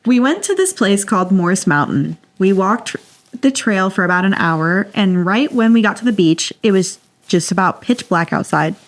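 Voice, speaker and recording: A woman's voice: medium pitch, very animated, moderate pace. A woman co-hosting a podcast, reading a listener's story aloud in a playful, dramatic way and laughing often. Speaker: podcast co-host.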